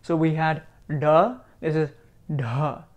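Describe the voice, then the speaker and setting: A man from India teaching Sanskrit sounds, repeating each sound slowly and patiently. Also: a little high, steady tone. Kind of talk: slow teaching, pronouncing sounds aloud.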